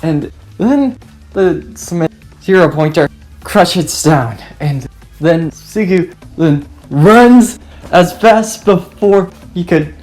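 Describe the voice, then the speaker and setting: A woman retelling a fan story aloud in a rambling, halting way. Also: lowish voice, lively intonation, darkish tone, soft background music.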